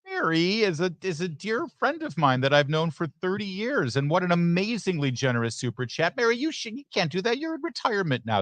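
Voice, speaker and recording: A man's voice: mid-range voice, dry recording. A middle-aged man hosts a live election night stream and reads out viewer messages. He is chatty and joking, with many asides. His voice sounds close and dry. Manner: chatty, joking asides, lively ups and downs. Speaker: host. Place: election watch party venue.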